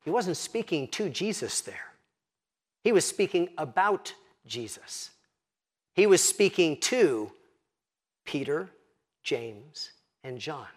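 A man preaching a sermon as pastor, slowing down and dropping to a hush when quoting scripture. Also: on the high side. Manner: expressive, slows and drops to a hush for quoted scripture.

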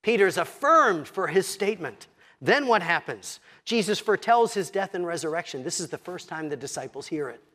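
Casting note: pastor, man, higher-pitched voice, expressive sermon delivery. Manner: expressive, slows and drops to a hush for quoted scripture.

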